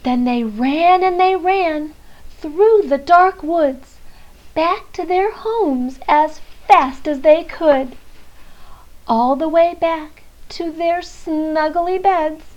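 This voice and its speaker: Slow, very high-voiced woman reading a story. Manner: gentle, rhythmic rhyming delivery. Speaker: narrator. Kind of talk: storybook read-aloud. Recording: dull lo-fi recording.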